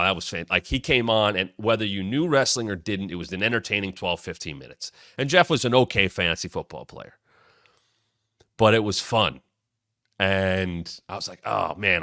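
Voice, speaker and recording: A man in his thirties tells stories in a low, forceful voice recorded dry and close. He rambles and restarts, then punches up quoted lines with sudden loud bursts. The tone is animated and casual. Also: no room sound. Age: 30s. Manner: rambling, with frequent restarts and asides. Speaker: show host. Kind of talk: casual storytelling.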